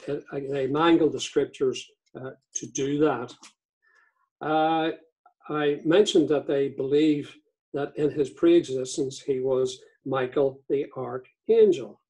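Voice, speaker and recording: Slow-speaking man giving a church teaching. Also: medium pitch, darkish tone, low-quality recording. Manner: measured, reads court transcript and scripture aloud. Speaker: visiting speaker on cults. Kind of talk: teaching sermon.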